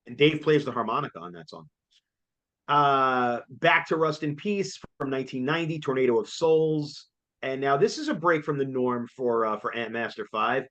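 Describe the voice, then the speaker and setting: A man, chatting casually as co-host, excitable and jokey and laughing often. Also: medium pitch. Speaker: co-host reviewing a concert. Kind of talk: casual chat.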